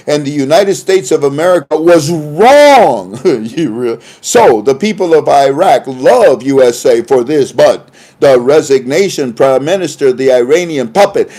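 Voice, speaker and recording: A man's voice: fairly high pitch, dark tone. A man reading out reports in a casual livestream commentary, with chuckling asides, trailing off and restarting often, recorded on a phone. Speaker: online commentator.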